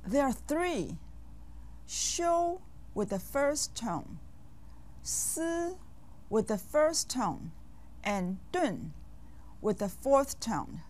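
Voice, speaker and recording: A woman teaching a language lesson for children, speaking slowly and clearly and pausing to quiz the listener. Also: medium pitch, big pitch swings, darkish tone. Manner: slow, carefully enunciated, with quizzing pauses. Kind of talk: scripted language lesson for kids.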